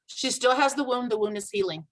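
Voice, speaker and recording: A woman casually telling a personal story on a video call, animated and acting out the dialogue she quotes. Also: on the high side, fairly quick, rough recording. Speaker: guest sharing a testimonial.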